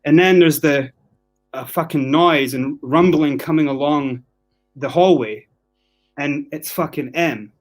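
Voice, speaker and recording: A man from Scotland tells his story as a podcast guest. His voice sits a bit high for a man, and he talks with swearing and animated acted-out quotes. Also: measured pace, faint music behind. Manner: animated, profane, acts out quotes.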